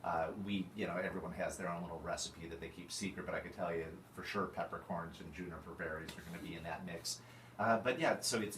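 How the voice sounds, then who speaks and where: Brief: very deep male chef, halting ad read, faint hiss behind. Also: roomy sound, recorded from a distance. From California. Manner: hesitant, many fillers and restarts. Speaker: chef recording a radio ad. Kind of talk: unscripted ad read.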